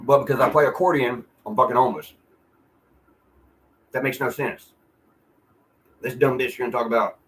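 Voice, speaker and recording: A man's voice: medium pitch, lively intonation, brisk, pauses often, fairly bright tone, rough recording. A man venting in a casual, profane, rambling monologue at home, often restarting his sentences. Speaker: vlogger. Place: apartment.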